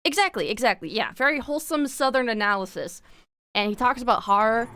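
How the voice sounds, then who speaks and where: Woman streamer rambling on, kinda high clear voice, swears a lot, super casual. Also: a little fast, no room sound. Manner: rambling and excitable, swears freely. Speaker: live streamer. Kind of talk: casual chat.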